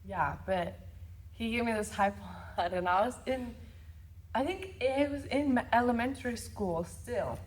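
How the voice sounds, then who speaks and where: Chatty young woman, a bit high. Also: a little slow. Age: young adult. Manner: chatty and teasing, often laughs. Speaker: co-host and daughter. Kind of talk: casual chat.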